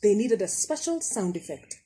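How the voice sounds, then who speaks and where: A woman teacher reading a picture book aloud to children, pausing to ask questions about the pictures. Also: mid-range voice, breathy edge, rough recording. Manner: lively, asks the listener questions about the pictures.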